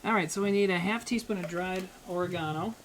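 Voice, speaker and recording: A man's voice: high voice, fast talker, fairly bright tone, a little hiss or hum, rough recording. A man chatting casually with his livestream chat while he cooks, rambling and swearing, joking at his own expense. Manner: rambling, profane, self-mocking banter with chat. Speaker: streamer cooking live.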